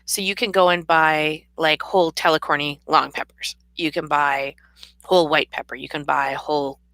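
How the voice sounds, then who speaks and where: A woman's voice: deep voice, level tone, moderate pace, creaky, a bit bright, no room sound. A tired woman chatting casually to her camera in a rambling, laughing way. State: tired, yawning. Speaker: vlogger and author. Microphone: camera mic.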